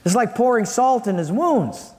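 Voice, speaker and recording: A man's voice: very high-pitched, very animated, moderate pace, darkish tone. A man preaching a sermon, telling a story with animation and acting out the scenes. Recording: long hall reverb.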